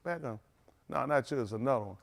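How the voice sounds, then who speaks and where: A man pastor who jokes and banters with his livestream viewers by name, then teaches in an earnest, halting way. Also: medium pitch, expressive, vocal fry. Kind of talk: livestream greeting and sermon.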